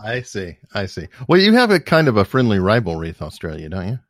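A man's voice: on the low side, wildly swooping pitch, brisk, dry recording, studio quality. A man from the United States hosting a podcast, asking curious, amused questions in a casual interview. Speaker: podcast host.

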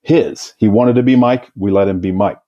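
A former hostage negotiator recounts a case in an interview, telling it vividly while frequently restarting his sentences. His voice is lowish and his pace moderate, with the highs cut off in the recording.

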